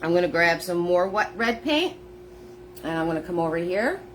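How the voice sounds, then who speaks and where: A woman's voice: on the low side, lively intonation, normal speed, slight background noise. A woman teaching a live painting lesson, narrating each step in a chatty way. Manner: chatty, step-by-step narration, greets viewers by name. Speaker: painting instructor. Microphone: phone.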